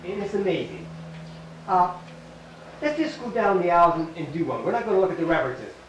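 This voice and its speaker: A man's voice: high-pitched, lively intonation, brisk, muffled recording. An older man with a Canadian accent teaching a Bible class in a small church hall, emphatic, repeating himself and quizzing his listeners. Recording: echoey room, distant mic, faint hiss.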